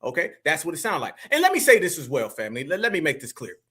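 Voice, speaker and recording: A man's voice: a little high, huge pitch swings, quick pace, fairly bright tone, breathy edge. A man hosting a live reaction stream, talking emphatically and mockingly with frequent laughter.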